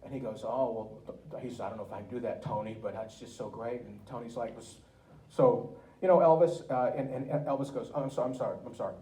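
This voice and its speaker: A man giving a talk as a guest speaker, telling anecdotes in a lively way with laughs and acted-out quotes, recorded in a museum room. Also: mid-range voice, brisk. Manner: lively, laughing storyteller who acts out quotes. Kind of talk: anecdotal storytelling to an audience. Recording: roomy, distant, faint background noise.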